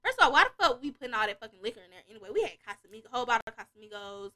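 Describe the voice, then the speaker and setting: A young podcast host with a fairly high voice talks very fast through a wild story. The chat is casual and profane, and she animatedly acts out other people's lines, voices, and beats, laughing often.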